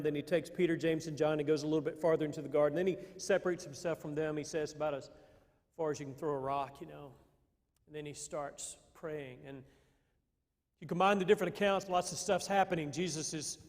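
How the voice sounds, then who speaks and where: A man preaching a sermon in a relaxed, conversational way, often pausing and restarting his sentences. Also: a little high. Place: church sanctuary. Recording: long hall reverb.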